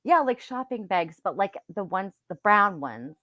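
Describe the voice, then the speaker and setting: Giggly woman with a lively pitch. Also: normal speed, no echo, dull audio. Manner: giggly, playfully argumentative. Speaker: podcast co-host presenting the case. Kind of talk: casual true-crime chat.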